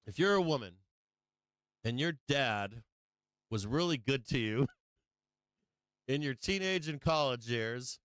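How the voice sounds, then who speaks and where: Middle-aged male livestream host, crude and jokey, smooth voice, dry close sound. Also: mid-range voice, expressive, slow pace, pauses often, a bit bright, dry recording. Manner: crude, joking, laughs often, lots of swearing. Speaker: stock market livestream host. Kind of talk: profane casual livestream chat.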